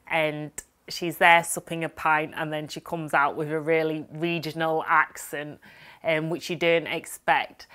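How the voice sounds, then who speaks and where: Upbeat young Yorkshire woman vlogger, lowish voice, casual unboxing chat. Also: bright, forceful tone, smooth. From Yorkshire, England. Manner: chatty and upbeat, broad dialect phrases. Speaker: lifestyle vlogger.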